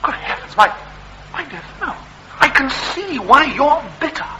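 An actor playing a pompous, easily outraged parliamentary candidate in a comedy sketch, with a spluttering, indignant manner. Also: male voice, very high voice, big pitch swings, normal speed, bright, forceful tone, slight background noise, heavily acted, rough recording.

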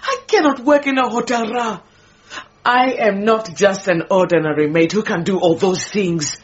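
A woman's voice: mid-range voice, moderate pace, natural voice. A woman playing a proud, possessive middle-aged housemaid, scolding and wailing theatrically. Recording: dull lo-fi radio recording.

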